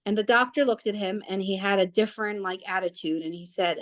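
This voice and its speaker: A woman's voice: medium pitch, a little fast, few pauses. Woman telling a family story, rambling. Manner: rambling, with many restarts and fillers. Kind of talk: casual personal storytelling.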